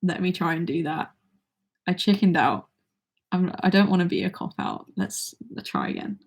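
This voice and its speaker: A woman's voice: lowish voice, moderate pace, vocal fry, slightly rough. A nineteen-year-old woman with an English accent, chatting casually on a livestream and reading viewer comments aloud between songs.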